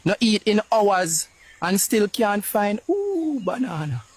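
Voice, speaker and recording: A man's voice: sits high, big pitch swings, slow pace, husky, heavily acted. A man voicing a hungry, broke, jolly Jamaican man in a comic clip, with a Jamaican accent and sing-song delivery. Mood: playful.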